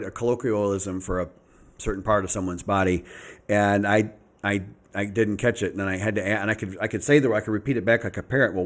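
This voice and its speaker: Chatty older man, low voice. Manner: chatty, full of fillers and restarts. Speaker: vlogger. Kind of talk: casual rambling vlog monologue. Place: his home in Thailand.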